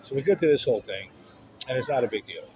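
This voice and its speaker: A man's voice: medium pitch, animated, quick pace, a crowd in the background. Blunt, foul-mouthed man telling a story. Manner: frank, profanity-laced. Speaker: vlogger. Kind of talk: casual storytelling. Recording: muffled, noisy street sound.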